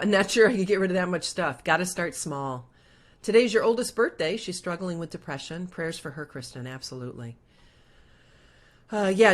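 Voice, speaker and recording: Low-voiced middle-aged woman hosting a livestream. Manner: reads out viewer comments and prayer requests, chatty with many fillers. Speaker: host. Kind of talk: casual livestream chat.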